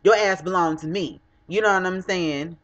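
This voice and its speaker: A young woman vlogger speaks straight to the camera in a heated, profane rant, blunt and cutting. Her voice sits on the low side at a normal pace, captured in dull lo-fi webcam audio.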